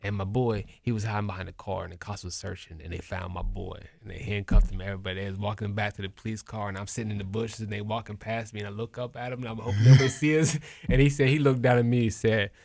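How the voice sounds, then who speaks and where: A young man chatting casually on a podcast, telling stories in an animated way, swearing and acting out other people's voices. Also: fairly low pitch, fast, gravelly, few pauses. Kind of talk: casual storytelling chat.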